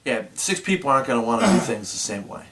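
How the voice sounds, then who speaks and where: A man's voice: medium pitch, very animated, fast, a bit bright. A man co-hosting a movie review show, speaking in casual chat and chiming in matter-of-factly with corrections. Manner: matter-of-fact, chimes in with corrections.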